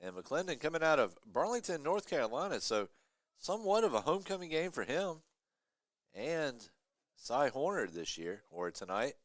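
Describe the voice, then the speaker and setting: A man giving live play-by-play commentary on a college lacrosse game, chatty between plays and excited on big ones. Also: fairly high pitch, normal speed, no room sound. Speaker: play-by-play announcer.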